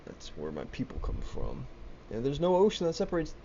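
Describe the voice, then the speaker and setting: A young man rants on his own to camera, agitated and swearing, stammering and restarting sentences. His medium-pitched voice swoops wildly, runs a little fast, and is mellow with vocal fry; the laptop webcam mic gives lo-fi sound with slight background noise.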